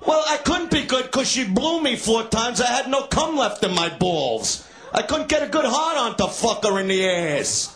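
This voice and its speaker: A man's voice: very high voice, sing-song, normal speed, few pauses. A crude, taunting insult comic, man. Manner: crude, taunting, shouts and laughs at hecklers. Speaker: stand-up comedian. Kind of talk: crowd-work insult comedy.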